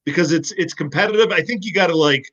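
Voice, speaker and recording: A man, a former football player, telling stories in a casual podcast chat, animated and profane. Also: on the high side, fast talker, dull audio.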